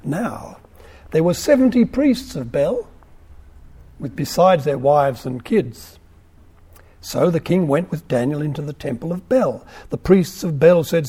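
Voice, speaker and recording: A man's voice: a little high, big pitch swings, measured pace, warm tone, husky. Wry man reading to a class. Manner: wry, conversational asides. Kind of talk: scripture reading with asides to a class.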